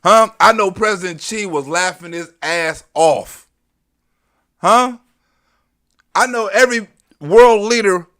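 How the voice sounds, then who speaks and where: Loud, mocking, high-voiced man. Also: slow, long pauses. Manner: loud, profane, mocking, laughs a lot. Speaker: host. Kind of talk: comedic reaction commentary.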